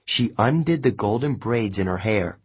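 A man narrating an audiobook in the first person, expressive and unhurried. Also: fairly low pitch, husky.

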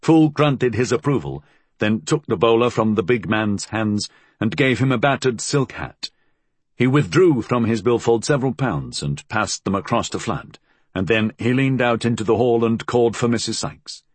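A man reading a novel aloud as an audiobook narrator, measured and expressive. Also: medium pitch, husky, no room sound.

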